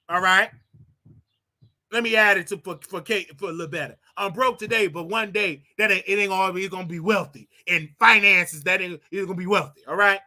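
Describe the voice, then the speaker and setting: A man with a bright, forceful voice, hosting his own livestream. He rants to his viewers in an animated, preachy, jokey way, jumping from quiet asides to loud outbursts. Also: normal speed. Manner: animated, preachy, jokey, with wild swings in pitch and volume. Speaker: host. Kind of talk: solo livestream rant.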